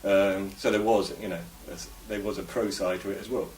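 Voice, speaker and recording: Here the English vlogger's voice is low and a little mellow, his intonation fairly even and his pace brisk. He muses and rambles opinionatedly in a casual to-camera monologue, captured with roomy echo from some distance.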